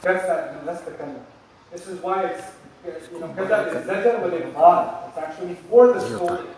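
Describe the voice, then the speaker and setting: A man giving a religious lecture in a large mosque hall, animated, acting out scolding lines and repeating points for emphasis. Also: high voice, fairly quick. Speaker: lecturer on scripture. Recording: echoey hall recording from a distance.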